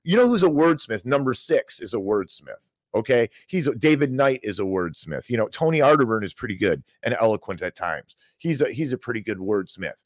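A man holds forth on his podcast, heaping mocking scorn on the financial world in a theatrical rant. His mid-pitched voice is recorded close and dry, with no room sound at all. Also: big pitch swings, brisk, no echo. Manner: sarcastic, mocking, theatrical outrage. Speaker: podcast host. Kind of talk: ranting financial commentary.

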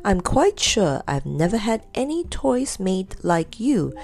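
A woman's voice: mid-range voice, sing-song, slow pace, vocal fry, darkish tone, full character voice. A woman voicing a jolly old Santa Claus, a big man who speaks in hearty exclamations. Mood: delighted.

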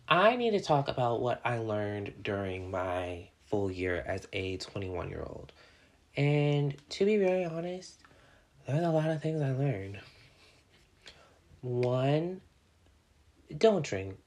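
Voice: medium pitch, sing-song, slow, long pauses. A person in their twenties hosting a casual solo podcast, rambling and candid, dropping "like" into almost every phrase and joking with the listeners. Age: 20s. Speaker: podcast host.

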